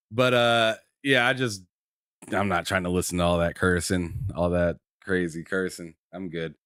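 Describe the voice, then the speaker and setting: A man's voice: low-pitched, fairly even intonation, measured pace, a bit bright, clear, resonant tone, no room sound, studio quality. A man co-hosting a gaming podcast in a laid-back, casual chat. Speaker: podcast co-host.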